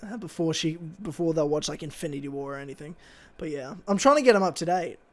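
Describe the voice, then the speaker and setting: A man's voice: on the high side, expressive, fast. A man co-hosting a casual podcast, telling a rambling, swear-filled story. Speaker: podcast co-host.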